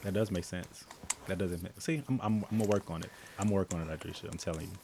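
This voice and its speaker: A man's voice: sits low, fairly even intonation, rapid-fire, background noise. A man hosting a casual group chat, laid-back and slangy, laughing often.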